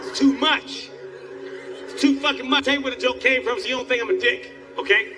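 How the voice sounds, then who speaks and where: A man in his forties doing stand-up comedy, telling loud, animated stories with shouted outbursts. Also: extremely high pitch, a little fast, recorded from a distance, music in the background. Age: 40s.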